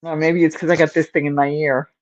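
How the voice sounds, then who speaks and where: A woman hosts a casual crochet livestream from home in front of a camera, chatting and answering viewer comments while her nose is stuffed up. Her low voice has little pitch movement and a fast pace, and the high frequencies are cut off.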